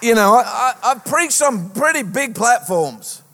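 A man preaching a lively sermon as a pastor, with a sing-song rhetorical delivery. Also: very high-pitched, measured pace. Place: church auditorium. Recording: long hall reverb.

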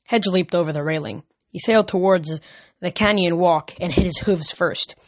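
A man reading a novel aloud as an amateur audiobook, steady with small slips. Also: high-pitched, normal speed, dry recording. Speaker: reader.

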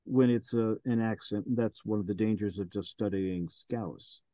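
A man's voice: fairly low pitch, normal speed, warm tone, dry recording. Hesitant, rambling man, dry sound. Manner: rambling, hesitant, many fillers. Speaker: audiobook narrator, guest. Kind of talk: casual interview chat.

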